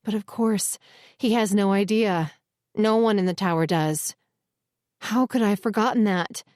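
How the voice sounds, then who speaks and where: A woman narrating a first-person romance audiobook in a steady, earnest reading voice. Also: medium pitch, normal speed, dry recording, clean studio sound.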